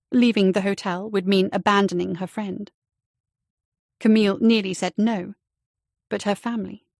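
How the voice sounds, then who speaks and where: Woman audiobook narrator, steady storytelling, gravelly voice, dry close sound. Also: mid-range voice, dry recording. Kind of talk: scripted narration.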